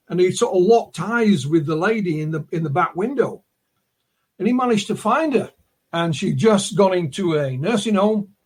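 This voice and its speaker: A man's voice: high-pitched, lively intonation, normal speed, breathy edge. A man speaking as an interview guest, recounting a case step by step in casual conversation, with fillers along the way. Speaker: guest, UFO author.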